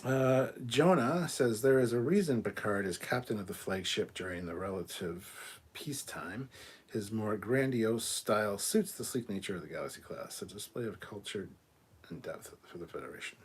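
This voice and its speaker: A man's voice: lowish voice, expressive, moderate pace, slightly rough. A man hosting a casual live stream, reading viewer comments aloud and answering them with blunt, profane asides. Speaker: livestream host.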